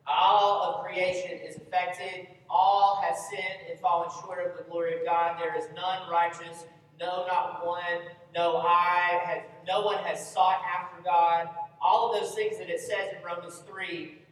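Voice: mid-range voice, level tone, unhurried. A Bible study teacher leading an interactive lesson, constantly quizzing the group with questions. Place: large echoey meeting room. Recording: very echoey hall, speaker far from mic.

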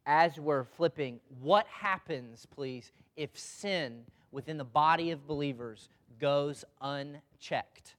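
A man's voice: fairly high pitch, slow, few pauses, a bit bright. A man preaching a sermon in a loose, conversational way, often putting questions to the congregation.

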